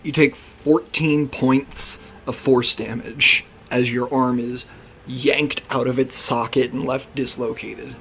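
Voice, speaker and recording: A man narrating a tabletop game as game master, slowing to hushed description. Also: medium pitch, fairly even intonation, slight background noise.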